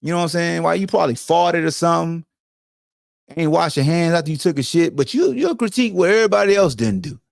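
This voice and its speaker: A man's voice: on the high side, expressive, quick pace, creaky, no echo, clean studio sound. A man hosting a sports podcast, ranting in a casual, profane, lecturing way. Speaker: podcast host. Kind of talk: casual sports commentary rant.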